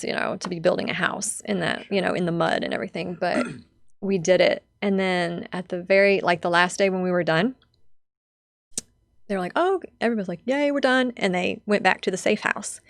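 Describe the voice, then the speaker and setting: A woman's voice: fairly low pitch, steady tone, normal speed, no echo, clean studio sound. A young adult woman telling a personal story as a podcast guest, heartfelt and chatty with lots of fillers.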